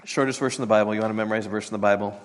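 A man preaching a sermon as a pastor, halting and repeating words, sinking to a soft hush on tender points. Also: on the low side, fairly even intonation.

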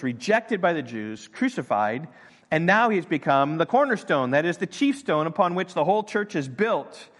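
Older man preaching, with hall reverb. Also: a little high. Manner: animated storytelling, acting out voices in quotes. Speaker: pastor. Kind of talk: sermon.

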